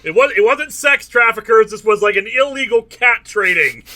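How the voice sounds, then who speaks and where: A male host reads a novel aloud for laughs, his high, expressive voice bright and forceful at a normal speed. The passages come out mock-dramatic, and he regularly stops to crack jokes about them.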